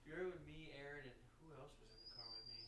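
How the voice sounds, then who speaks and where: A young man chatting with his brother on a podcast, loudly retelling a drunken story. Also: mid-range voice, rapid-fire. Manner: loud, laughing retelling of drunk stories. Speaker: podcast co-host, host's brother. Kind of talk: casual chat. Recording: echoey room with background noise.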